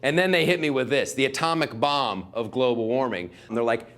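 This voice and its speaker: A man's voice: medium pitch, fairly quick, fairly bright tone. A male comedian doing a sarcastic stand-up monologue, rambling with filler words.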